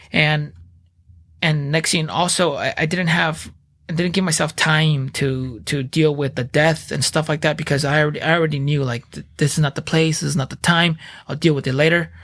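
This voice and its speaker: A man in his thirties tells his story on a podcast in a slightly high voice. His delivery is blunt and animated, with plenty of profanity in casual speech. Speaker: podcast guest, veteran.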